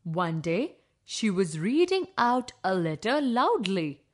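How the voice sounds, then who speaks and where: Woman reading out a kids' story reaaal slow, voice goes up and down a lot. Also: mid-range voice, very animated. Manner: slow, clearly paced storytelling. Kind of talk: children's story narration.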